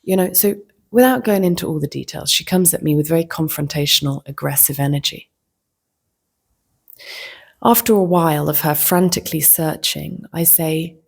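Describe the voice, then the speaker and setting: Husky low-ish woman chatting through a story, dips into whispers now and then. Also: moderate pace. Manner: reflective, slips into soft whispers. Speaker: vlogger. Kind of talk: casual storytelling.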